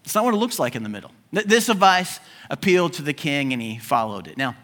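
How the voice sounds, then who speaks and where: A pastor preaching a sermon, telling the story in a jokey, animated way with modern asides. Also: male voice, fairly high pitch, quick pace.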